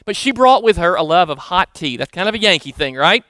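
A middle-aged man with a Southern American accent preaching a sermon conversationally, building up emphatic lists and then dropping to hushed asides. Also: high voice, big pitch swings, a little fast, no room sound, studio quality. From Southern United States. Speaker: pastor.

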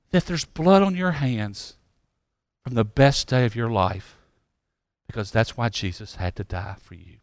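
A man preaching a sermon as pastor, swinging from loud urgent passages to hushed pleading. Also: on the high side, clean tone, no echo, clean studio sound. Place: church sanctuary.

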